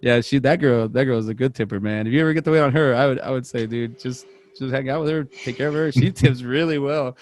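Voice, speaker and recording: A young adult man co-hosts a podcast, telling rambling stories in casual conversation and acting out the voices of the people he quotes. He speaks quickly in a mid-range voice, with few pauses.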